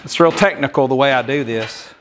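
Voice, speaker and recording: A man talks casually while he works, joking in a folksy way. He is a bit out of breath, and his voice sits in an ordinary middle pitch. Faint workshop noise and tool clicks run behind him. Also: a little fast, a bit bright. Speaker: DIY car builder.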